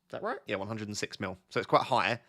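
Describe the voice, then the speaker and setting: A man's voice: fairly low pitch, lively intonation, fast, sharp tone. A young man chatting casually on a live stream, reading out viewer comments and drifting off on tangents. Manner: chatty, easily sidetracked, reads out chat messages. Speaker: fantasy football streamer.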